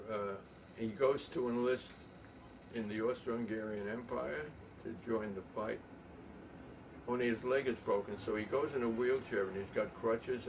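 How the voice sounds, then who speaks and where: An older man reminisces at an unhurried pace, his voice gravelly and his phrasing full of pauses and restarts. He sounds set back from the microphone, with a faint hum of a home loft around him. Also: lowish voice. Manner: halting, many ums and restarts. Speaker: poet and storyteller. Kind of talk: rambling spoken reminiscence. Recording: distant mic, faint room noise.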